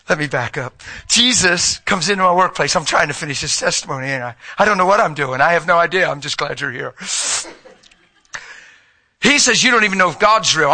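A middle-aged male preacher with a very bright, ringing voice that sits a little high. He preaches with fervor, calling out to the congregation, then dropping to a hushed tone. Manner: emphatic, call-and-response, swings from loud to hushed. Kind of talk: sermon.

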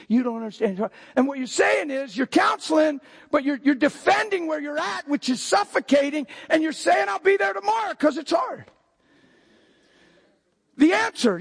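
An older man preaching a sermon as pastor, breaking into sudden shouted outbursts between plain talk. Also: extremely high pitch, husky.

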